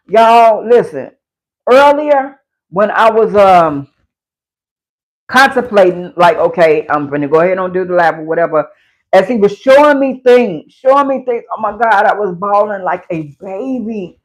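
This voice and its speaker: A woman's voice: medium pitch, lively intonation, moderate pace, low-quality recording. A woman speaking in a casual, emotional livestream testimony about her faith. Her voice is fervent and tearful. She keeps sliding into a preaching rhythm, addressing listeners directly. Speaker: livestream host sharing a personal faith testimony.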